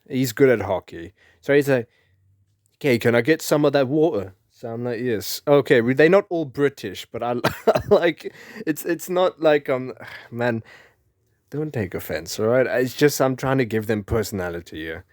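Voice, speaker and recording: Animated young man storytelling. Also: on the high side, no room sound, studio quality. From South Africa. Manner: rambling, animated, laughs often. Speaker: vlogger. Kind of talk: casual storytelling.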